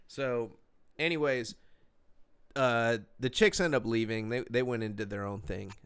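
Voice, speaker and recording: A man's voice: medium pitch, a little slow, a bit bright, smooth. A young man casually telling a story on a podcast, laid-back and profane, full of slang and fillers.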